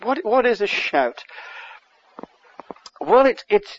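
Impassioned English preacher, high voice. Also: male voice, very animated, slow, pauses often, dull audio. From England. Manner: impassioned, surges louder on key words. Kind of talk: sermon.

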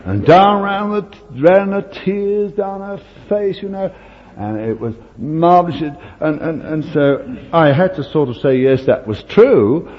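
Brief: older man preaching slowly, hushed then emphatic, recorded dull in a reverberant hall. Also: on the high side, animated. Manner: storytelling, swings between hushed asides and emphatic lines. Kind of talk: sermon.

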